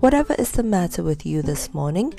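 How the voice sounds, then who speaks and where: A woman's voice: fairly low pitch, sing-song, a little fast, vocal fry, mellow, faint music behind. A woman voicing a stern, impatient aunt who scolds sharply in a storybook reading. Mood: cross.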